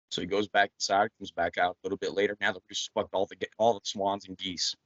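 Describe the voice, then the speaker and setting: A man's voice: fairly low pitch, flat delivery, quick pace, a bit bright, dry recording. A man on a podcast telling a long crude farm joke, swearing through the story. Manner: profane storyteller. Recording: dull dry lo-fi podcast audio.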